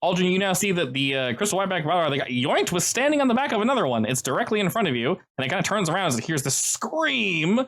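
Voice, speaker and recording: A game master runs tabletop combat with jokey asides and a playful streak, the pitch swinging widely from line to line. The voice sits at a middle pitch, and the narration never settles into a flat drone. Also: fast talker, hardly any pauses.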